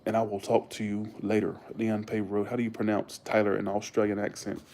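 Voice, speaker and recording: A man's voice: fairly low pitch, completely flat delivery, fairly quick, darkish tone. A young man, chatting casually to his viewers in a rambling, enthusiastic way and swearing freely. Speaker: vlogger talking to viewers. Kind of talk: casual chat.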